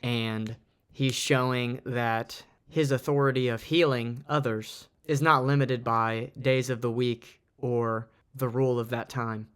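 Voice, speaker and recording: A man's voice: medium pitch, steady tone, measured pace, a bit bright, clear, resonant tone. A man giving an earnest, reflective Bible teaching, reading and explaining from his notes. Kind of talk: informal Bible study talk.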